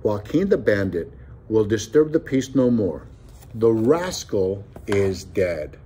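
A man's voice: on the low side, big pitch swings, slow, mellow, slight background noise. A man reading an audiobook who voices a white-haired older printer with a plainspoken, matter-of-fact manner. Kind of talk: audiobook character voice.

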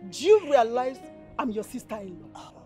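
A woman's voice: on the high side, expressive, normal speed, darkish tone, slightly rough, soft background music. An actress with a Nigerian accent playing a fiery young village woman who scolds and insults a pushy suitor. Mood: angry.

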